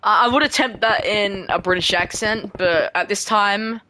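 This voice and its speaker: A woman giving casual gameplay commentary while she builds, rambling and self-deprecating, often trailing off quietly. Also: medium pitch, moderate pace, no room sound. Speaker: gaming creator.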